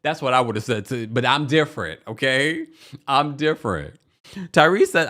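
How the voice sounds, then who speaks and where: A man hosting a chatty reality TV recap, sassy and animated, talking straight to his viewers and acting out what people said. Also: medium pitch, moderate pace. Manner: animated and sassy, acts out quotes in shifting voices; chatty, addresses viewers directly. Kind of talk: casual recap commentary.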